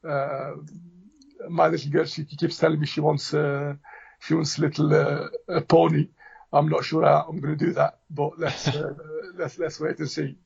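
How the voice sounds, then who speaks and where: A middle-aged football manager from Tunisia, talking in a relaxed interview with many fillers and restarts. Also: male voice, on the high side, moderate pace, vocal fry, slightly rough. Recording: dull lo-fi audio.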